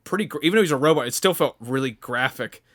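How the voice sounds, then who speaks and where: A man's voice: medium pitch, lively intonation, quick pace. A young man co-hosting a podcast, talking in a loose, rambling way, full of fillers and restarts. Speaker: podcast co-host. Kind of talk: casual chat.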